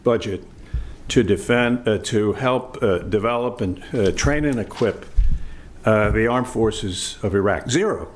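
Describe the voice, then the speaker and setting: An older man from the United States, a former diplomat, giving reflective panel remarks in a measured, halting way with frequent filler sounds. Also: fairly low pitch, a little hiss or hum.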